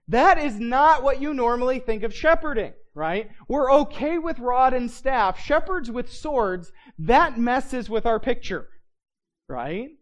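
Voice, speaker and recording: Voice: mid-range voice, expressive, unhurried. A Bible teacher giving a conversational lesson, often checking in with listeners and reading scripture aloud with stress on key words. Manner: checks in with listeners, asking "right?"; frequent restarts and filler words.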